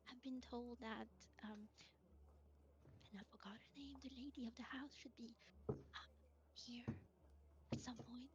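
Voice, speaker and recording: A woman's voice: on the high side, steady tone, unhurried, long pauses, noisy background, lightly acted. A woman playing a polite, unsure female adventurer with a French accent in a tabletop role-play, hesitating and searching for words. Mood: hesitant. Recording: dull lo-fi mic.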